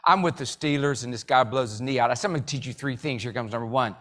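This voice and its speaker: A man giving a live motivational keynote, telling jokey stories and leading the audience in call-and-response with sudden loud bursts. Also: mid-range voice, quick pace. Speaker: motivational speaker.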